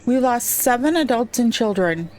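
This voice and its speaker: A woman casually commenting as she plays a settlement-building game, thinking aloud slowly with frequent pauses and ums. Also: a little high, expressive, darkish tone. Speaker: gameplay streamer. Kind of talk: casual let's-play commentary.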